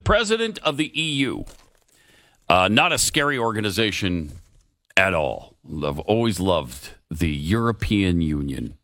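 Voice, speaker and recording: A man's voice: low voice, a little slow, no echo, studio quality. A man hosting a talk show, commenting sarcastically. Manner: sarcastic, lively. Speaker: radio host.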